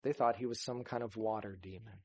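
A man's voice: fairly low pitch, steady tone, fairly quick, slightly rough. A man preaching a sermon, earnest, rising to emphasis and acting out scripture dialogue. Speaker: pastor.

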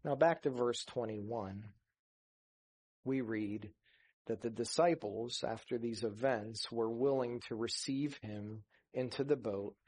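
A man's voice: medium pitch, slow, a little mellow, breathy edge. A man preaching a sermon, earnest, rising to emphasis and acting out scripture dialogue. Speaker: pastor.

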